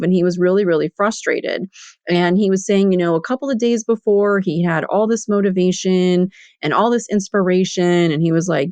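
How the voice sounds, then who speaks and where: A woman in her fifties, a business coach, hosts her own solo podcast and tells a candid story in a chatty way, saying "you know" a lot. Her lowish voice is clear and resonant with a darkish tone, at a moderate pace, in a dry recording.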